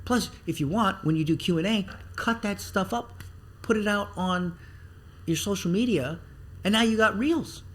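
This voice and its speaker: A man talking as a podcast guest about marketing, animated and blunt, with some swearing, acting out the things people say. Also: high voice, moderate pace. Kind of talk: casual podcast interview.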